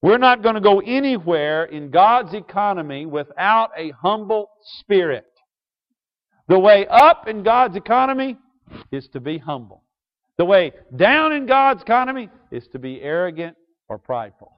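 High-voiced preacher, loud then hushed. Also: male voice, very animated, normal speed. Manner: call-and-response questions to the congregation; swings from loud emphasis to quiet asides. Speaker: pastor. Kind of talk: sermon. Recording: dull lo-fi sound.

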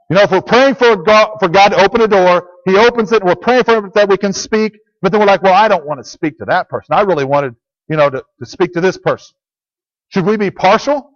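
A man preaching a sermon to a congregation, earnest and plain, repeating key phrases as he teaches. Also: high-pitched. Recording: dull lo-fi recording.

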